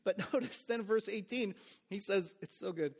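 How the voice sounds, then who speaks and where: A man's voice: sits high, normal speed, vocal fry, husky. A man preaching a sermon as pastor, in a casual, conversational way with joking asides, "like" and "right?".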